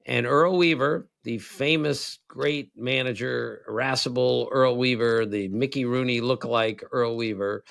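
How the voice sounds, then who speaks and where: A man's voice: medium pitch, fairly even intonation, a little slow, vocal fry, few pauses, a bit bright, no echo. A man in his sixties, a podcast co-host, telling rambling baseball stories in casual chat and often breaking into laughs. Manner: rambling anecdotes with frequent laughs. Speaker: co-host, former baseball writer.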